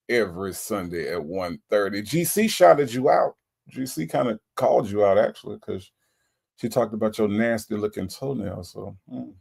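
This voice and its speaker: A man's voice: fairly low pitch, normal speed, vocal fry, darkish tone, breathy edge. A laid-back man from Florida, hosting a casual livestream chat and reading out viewer comments. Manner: laid-back, chatty, repeats himself, playful. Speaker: livestream host.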